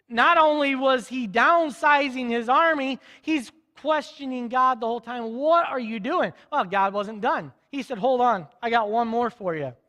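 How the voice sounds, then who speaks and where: Male pastor, high voice, lively storytelling sermon, long echo of a big hall. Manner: storytelling, voicing biblical characters in casual modern speech.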